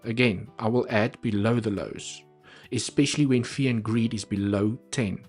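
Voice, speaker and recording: A man's voice: lowish voice, steady tone, moderate pace, darkish tone, faint music behind. A man talking casually through trading charts on a live stream, chatty and repeating points for emphasis.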